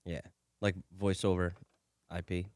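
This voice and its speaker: A man on a sports radio crew bantering in the studio, quick and dryly funny. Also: low voice, level tone, darkish tone, dry recording. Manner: quick, explanatory, dry humor. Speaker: radio show crew member.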